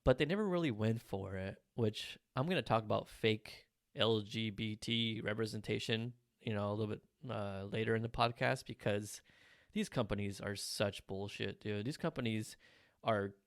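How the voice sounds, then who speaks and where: A young man hosting a solo movie review podcast, talking in an animated, blunt way and swearing freely. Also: fairly low pitch, vocal fry, no echo, clean studio sound. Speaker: podcast host.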